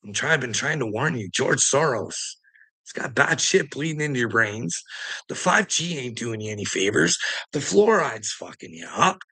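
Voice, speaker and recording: Male ranter, gravelly voice with a bright edge, profane and confrontational. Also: mid-range voice, expressive, moderate pace. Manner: profane, confrontational, laughs mid-rant. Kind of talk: ranting monologue to camera.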